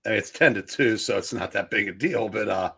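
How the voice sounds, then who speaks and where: Low, husky man in an animated rant. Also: normal speed. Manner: animated, exasperated sports-fan ranting. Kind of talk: casual live-stream chat.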